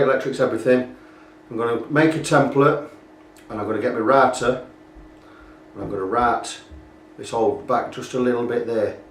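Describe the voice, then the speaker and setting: A man's voice: medium pitch, a little mellow, a little hiss or hum. A British man talking casually through a guitar repair, rambling and pointing out faults as he goes. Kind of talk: casual workshop walkthrough. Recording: echoey room, mic at a distance.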